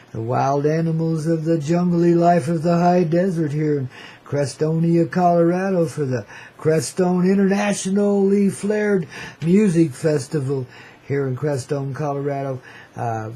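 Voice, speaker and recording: A husky man hosts a freewheeling radio monologue, slangy, playful and cosmic. His voice sits a bit high for a man, with a mellow, dark tone. He rambles loosely and keeps calling listeners "baby". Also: poor audio. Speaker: radio show host.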